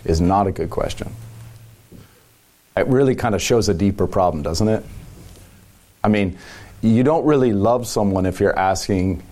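A man's voice: on the low side, moderate pace, long pauses, dark tone. A man, a pastor giving long, thoughtful answers in a casual podcast chat, with frequent chuckles. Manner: thoughtful, rambling, chuckling often.

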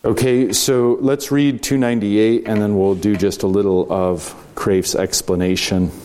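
A man with a fairly low voice leads an informal lecture, reading lines from a text and musing on them. He speaks in a measured, reflective way, drawing out key phrases and sometimes restarting a sentence mid-thought. A faint hiss of room ambience sits behind him. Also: fairly even intonation, mellow. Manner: measured and reflective, with slow emphatic stretches; conversational, with fillers and restarts. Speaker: teacher leading a reading of a philosophy text. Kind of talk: informal lecture, reading passages aloud and commenting.

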